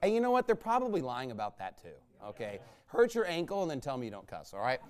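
A man preaching a combative, mocking sermon, swinging between low muttering asides and loud outbursts. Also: wildly swooping pitch, quick pace. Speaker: pastor. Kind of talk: fiery sermon rant.

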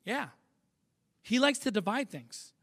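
High-voiced, forceful preaching pastor. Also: male voice, expressive, measured pace, creaky. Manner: emphatic preaching with rhetorical questions. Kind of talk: sermon.

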